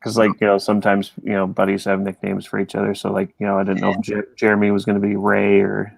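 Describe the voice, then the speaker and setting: A man's voice: on the low side, completely flat delivery, quick pace, creaky, no room sound, rough recording. A man chatting casually while he draws on a live stream, rambling and self-deprecating. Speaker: artist on a live drawing stream. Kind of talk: casual chat while drawing.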